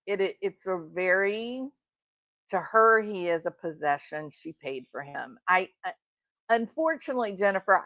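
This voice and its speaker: A woman's voice: mid-range voice, fairly bright tone, no room sound, rough recording. A middle-aged woman giving indignant, emphatic true crime reaction commentary. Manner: indignant, emphatic, talks straight to the subject. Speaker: commentary host.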